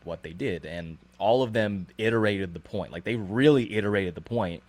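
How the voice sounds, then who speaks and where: A man with a fairly low voice hosts a podcast conversation. He speaks carefully and deliberately, hedging his claims and building his point step by step. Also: darkish tone. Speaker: podcast host.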